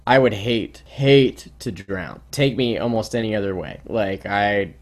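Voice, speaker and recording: A man's voice: lowish voice, measured pace. A man co-hosting a casual podcast chat, rambling and hesitant, full of restarts and fillers. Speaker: podcast co-host.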